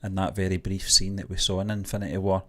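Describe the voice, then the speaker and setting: A man co-hosting a movie news show, giving hedged, measured opinions with plenty of fillers. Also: deep voice, flat delivery, bright, forceful tone. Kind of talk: casual podcast chat.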